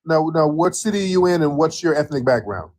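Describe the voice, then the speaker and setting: A man's voice: on the high side, animated, fairly quick, darkish tone. A man hosting a casual call-in livestream, loose and drawling, repeating his phrases as he talks to callers. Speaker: livestream host taking callers.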